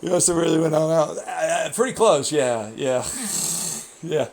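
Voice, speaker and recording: Talking a little slowly in a voice on the high side, a young racer tells animated racing stories in a casual chat. Swearing and frequent laughter run through it, along with mock voices for the people he quotes.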